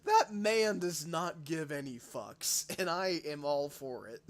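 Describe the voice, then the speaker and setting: A man's voice: fairly high pitch, takes it slowly. A man livestreaming and reacting to game trailers, swearing freely and laughing often. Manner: profane, excitable, laughs a lot. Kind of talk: live reaction commentary.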